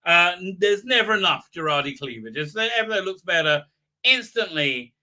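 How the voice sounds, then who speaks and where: Male host, sarcastic episode recap, bright and fairly high, fumbling fillers. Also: expressive, brisk. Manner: mocking, acts out quotes in funny voices, many fillers and restarts. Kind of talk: casual live-stream recap.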